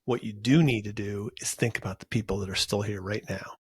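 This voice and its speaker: A man's voice: on the low side, a little fast, breathy edge, no room sound. Earnest podcast host man, dry sound. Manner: earnest, emphatic, repeats words when excited. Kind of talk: casual interview chat.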